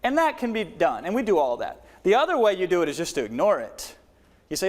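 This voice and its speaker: Male sales trainer, lively delivery that keeps shifting loud and soft, fast and slow, fairly high voice, long hall echo. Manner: dramatic shifts in volume, pace and pitch to demonstrate delivery. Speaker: webinar trainer. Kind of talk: live workshop teaching.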